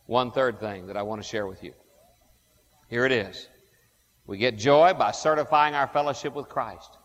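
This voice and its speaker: A male pastor preaching a sermon in a church, asking the congregation questions and stressing key words slowly. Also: medium pitch. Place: church sanctuary. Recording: long hall reverb.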